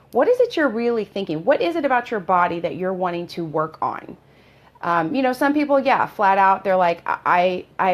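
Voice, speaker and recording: A middle-aged woman speaks straight to camera as a personal trainer. Her voice sits a little low, and her delivery is earnest and emphatic, like a coach pushing clients. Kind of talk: casual talk to camera.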